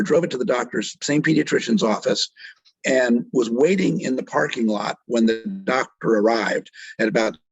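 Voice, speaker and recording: A middle-aged man with a husky, slightly rough voice tells a story in an interview. He is earnest and moved, and acts out the voices of the people he quotes. The recording is dry and close, with no room sound. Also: medium pitch, no echo, poor audio. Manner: vivid retelling that acts out quoted speech. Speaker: doctor and author being interviewed.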